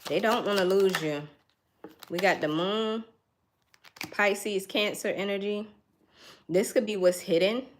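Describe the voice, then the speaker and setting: A woman's voice: mid-range voice, a little slow, long pauses, background noise. A woman giving a casual tarot reading, thinking aloud in a chatty way and laughing now and then. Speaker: tarot reader.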